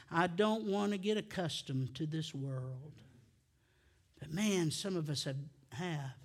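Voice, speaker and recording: Male preacher, middle-aged, bright and piercing, surging to near shouts then dropping low. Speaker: pastor. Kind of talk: sermon.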